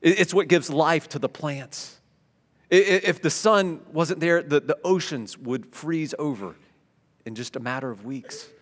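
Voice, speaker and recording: Stammering preacher with a ringing hall echo. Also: male voice, fairly high pitch, a little slow. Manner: stammers and repeats words, swings between loud emphasis and hushed tones. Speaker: pastor. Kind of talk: sermon. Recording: long hall reverb.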